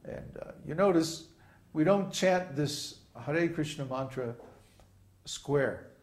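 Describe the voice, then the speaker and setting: Slow-spoken man teaching, roomy echo. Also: fairly high pitch. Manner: demonstrates chant rhythms aloud, asks "huh?" often. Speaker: spiritual teacher. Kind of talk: informal sermon.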